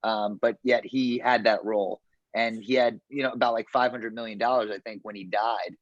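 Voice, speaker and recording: A man's voice: lowish voice, steady tone, normal speed, dry recording, dull audio. A man in his thirties, a comedian on a podcast panel, chatting casually with many fillers and restarts. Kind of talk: casual chat.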